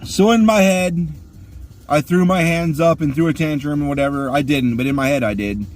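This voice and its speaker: A man's voice: on the high side, normal speed, faint music behind. A man ranting crudely and profanely while sitting in his car. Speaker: vlogger.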